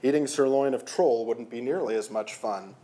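A storyteller voicing an easygoing male priest who speaks in a calm, matter-of-fact way. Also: medium pitch, normal speed, close to an everyday voice. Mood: dry.

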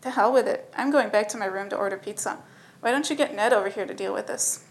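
A woman's voice: medium pitch, quick pace, lightly acted, rough recording. A woman voicing a frustrated male apprentice technician with a whiny, exasperated way of talking.

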